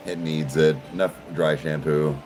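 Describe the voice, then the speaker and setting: A man's voice: rumbling low, steady tone, moderate pace, a little mellow, faint music behind, rough recording. A man chatting casually in a vlog, talking to the camera and to his dogs. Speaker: vlogger.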